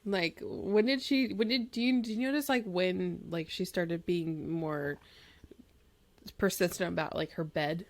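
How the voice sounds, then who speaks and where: A woman co-hosting a podcast, chatting and asking questions in a relaxed, rambling way. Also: lowish voice, unhurried. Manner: chatty, many fillers and restarts. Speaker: podcast co-host. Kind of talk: casual chat.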